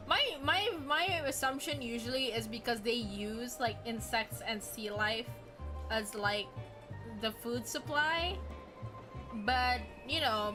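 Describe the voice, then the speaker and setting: A woman streaming a game, chatty and playful, reading dialogue aloud. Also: on the high side. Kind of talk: casual gameplay commentary and reading dialogue. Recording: game music behind.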